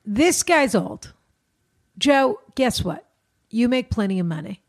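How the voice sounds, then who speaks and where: A woman in casual chat, blunt and bossy, giving quick-witted advice. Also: a little high, big pitch swings.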